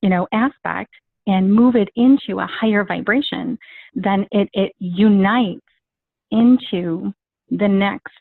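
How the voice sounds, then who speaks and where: A woman's voice: mid-range voice, slow, vocal fry, no room sound. Woman guest telling a story, rambly, does the voices in quotes, tinny dry phone sound. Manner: rambling, acts out quoted dialogue. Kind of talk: casual storytelling.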